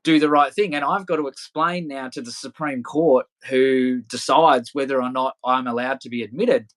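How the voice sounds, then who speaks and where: A man's voice: medium pitch, fairly even intonation, moderate pace, fairly bright tone. Rambling, laughing man. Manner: loose, rambling, swears freely, laughs often. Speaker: podcast guest. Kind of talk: casual storytelling interview.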